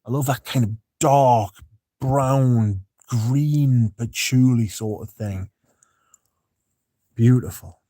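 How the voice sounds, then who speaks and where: A man's voice: mid-range voice, slow pace, long pauses, no echo, studio quality. A man hosting a fragrance livestream, chatting casually and rambling between comments. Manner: relaxed, rambling, chatty with fillers.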